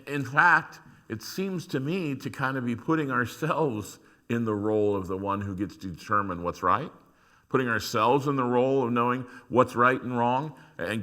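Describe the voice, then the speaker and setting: A man preaching a sermon as a pastor, shifting from quiet reflection to loud emphasis. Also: medium pitch, normal speed. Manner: acts out prayers and complaints to God in dramatic voices.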